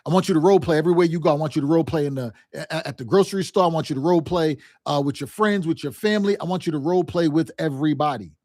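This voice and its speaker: A male sales coach with a fairly high voice drives his points home, repeating himself and checking in with his listeners. He talks in loose, casual vernacular. The sound is dry and close, with no room echo. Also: racing, hardly any pauses, darkish tone. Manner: emphatic, repetitive, direct address with frequent "right?" and "okay?"; acts out quoted phone calls and family scenes in livelier voices. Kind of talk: motivational sales lesson.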